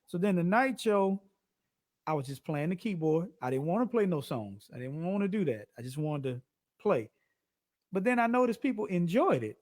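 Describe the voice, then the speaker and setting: A male guest, a songwriter and live-stream host, tells stories in a casual interview chat, deliberately pushing his voice higher than its natural pitch. His storytelling is animated, goofy, and dramatic.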